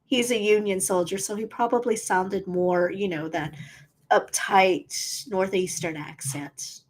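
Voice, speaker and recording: A woman's voice: mid-range voice, fairly even intonation, measured pace. A woman co-hosting a history and hauntings podcast, reading history aloud in a casual, teasing way. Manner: reads history aloud, laughs easily, teasing. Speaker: podcast co-host.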